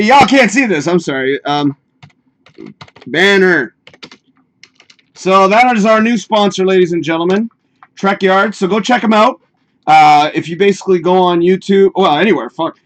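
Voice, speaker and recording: A man hosting a live stream, chatting casually and cursing while he fiddles with his setup and talks to himself. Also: high voice. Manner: profane, rambling, talks to himself while working. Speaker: livestream host.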